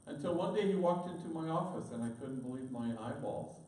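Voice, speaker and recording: A man's voice: on the high side, expressive, brisk, darkish tone, slight background noise. A man, a priest, giving a storytelling talk to an audience and slipping in Spanish words. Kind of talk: storytelling speech. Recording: distant echoey room recording.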